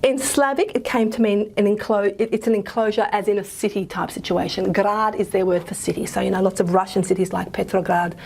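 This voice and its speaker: Husky chatty woman lecturing. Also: mid-range voice, steady tone, fairly quick, few pauses, a little mellow. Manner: chatty, self-correcting, many fillers. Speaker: university lecturer. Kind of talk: recorded linguistics lecture.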